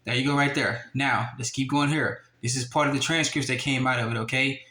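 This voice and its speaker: A man's voice: mid-range voice, steady tone, a little fast, pushed and bright, roomy sound. A man giving casual screen-share commentary, insistent, repeating "all right?" and reading web addresses aloud as he talks into a handheld camera. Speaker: online news commentator. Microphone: handheld camera or phone.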